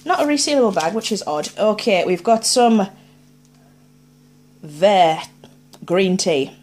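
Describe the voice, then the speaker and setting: A woman's voice: mid-range voice, animated, slow pace, a little mellow. A woman, chatting casually as she unboxes items on her vlog and thinks aloud in a playful way. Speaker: unboxing vlogger.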